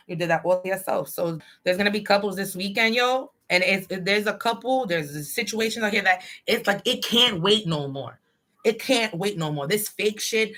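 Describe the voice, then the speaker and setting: A woman's voice: mid-range voice, sharp tone. Blunt, profane woman reading tarot. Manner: blunt, profane, streetwise and preachy. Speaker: tarot reader.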